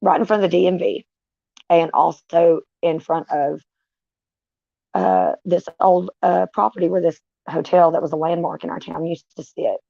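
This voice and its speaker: A woman, vlogging in a candid, profane way with dark humor. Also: on the low side, steady tone, moderate pace, vocal fry, dry recording. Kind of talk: casual, unfiltered storytelling. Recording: dull, dry lo-fi sound.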